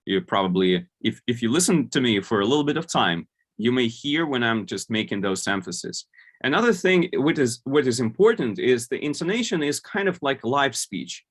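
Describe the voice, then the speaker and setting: A man's voice: mid-range voice, expressive, moderate pace. A man giving an online conference talk, explaining points with many fillers and restarts. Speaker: conference speaker.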